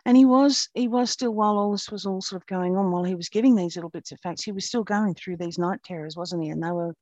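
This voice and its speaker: A woman's voice: mid-range voice, fast, darkish tone, no echo. A woman interviewing a guest, asking leading questions that often end in tag questions.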